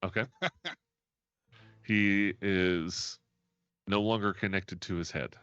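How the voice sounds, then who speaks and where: A man's voice: sits low, fairly even intonation, slow pace, fairly bright tone, clean tone, no room sound. A man narrating a tabletop game as game master, laughing often as he describes the scene. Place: home, streamed live. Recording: dull lo-fi stream audio.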